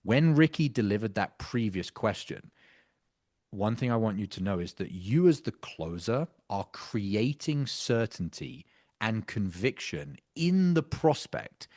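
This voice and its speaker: Animated, emphatic male sales coach. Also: on the low side, unhurried. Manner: emphatic, intense, casually swearing. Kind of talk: coaching commentary on a practice sales call.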